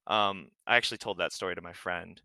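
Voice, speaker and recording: A man's voice: deep voice, steady tone, fast talker, bright, forceful tone, no echo. A man chatting casually on a podcast, rambling with many fillers and frequent laughs. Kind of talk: casual chat.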